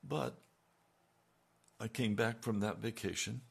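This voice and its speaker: An older man preaching a sermon, his low voice gravelly with fry. He talks slowly and earnestly, pressing hard on the key phrases. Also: fairly even intonation.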